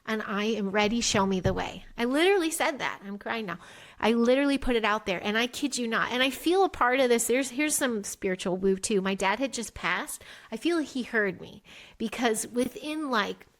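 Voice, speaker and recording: A woman's voice: on the high side, a bit bright. A middle-aged woman, a podcast guest, telling her life story candidly, rambling and emotional, acting out her past thoughts in little quoted voices. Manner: rambling, with many restarts and "like" fillers.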